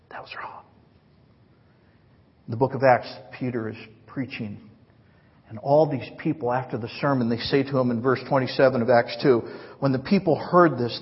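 A man's voice: mid-range voice, slightly rough. A male pastor preaching a sermon in a large church hall, earnest and conversational, often acting out quoted lines. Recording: reverberant, dull lo-fi hall recording.

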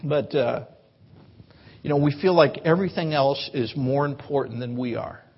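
A man's voice: mid-range voice, moderate pace, vocal fry, husky, highs cut off. A man preaching a sermon to his congregation in a church, in an earnest, conversational way, sometimes stumbling over his words. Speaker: pastor. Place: church sanctuary.

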